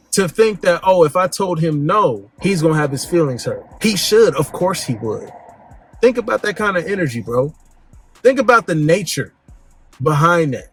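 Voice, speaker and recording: A man hosting a dating advice talk, speaking bluntly in slang and swinging his pitch up and down for emphasis. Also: a bit bright, breathy edge, no room sound. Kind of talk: casual direct-to-camera monologue.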